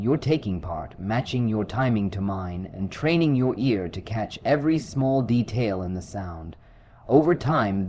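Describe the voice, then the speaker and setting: A woman giving a scripted language lesson in a steady, encouraging, instructive way. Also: extremely low pitch, slight background noise. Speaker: English teacher. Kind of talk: scripted teaching narration.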